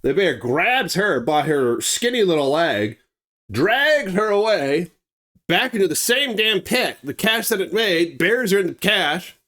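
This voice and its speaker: Male storyteller, conversational, emphatic delivery, slightly high pitch. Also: very animated, measured pace, pushed and bright. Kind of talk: dramatic true-story narration.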